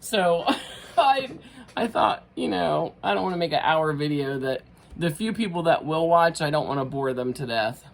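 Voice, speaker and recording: Bubbly low-voiced woman. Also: lively intonation, moderate pace, vocal fry. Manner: bubbly, chatty, laughs often at herself. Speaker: craft vlogger. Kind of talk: casual craft tutorial chat.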